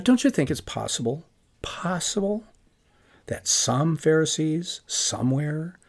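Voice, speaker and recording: A man's voice: mid-range voice, darkish tone. A man giving a scripted lecture on the Gospels, emphatic and full of rhetorical questions.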